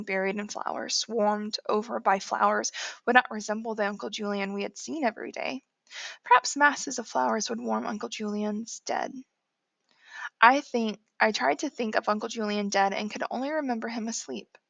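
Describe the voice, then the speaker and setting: A woman reading a novel aloud in the first person, measured and steady. Her voice is fairly high with a noticeable gravelly fry, and the recording is close and dry. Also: dry recording. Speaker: audiobook narrator. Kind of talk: first-person audiobook narration.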